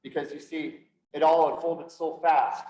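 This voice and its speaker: A man, a police officer, telling his personal story to an audience in an earnest way, slowing down for emphasis and acting out what others said. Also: a little high, little pitch movement, mellow. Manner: earnest storytelling with quoted dialogue, slows for emphasis. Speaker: police officer and speaker on PTSD. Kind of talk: personal testimony talk to an audience. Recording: roomy echo from a distance, dull lo-fi sound.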